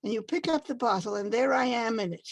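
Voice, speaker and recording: Husky, playful woman from the Dominican Republic. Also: on the high side, a little fast, no room sound, low-quality recording. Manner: playful storyteller, warm humor. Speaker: interviewer. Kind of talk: conversational interview.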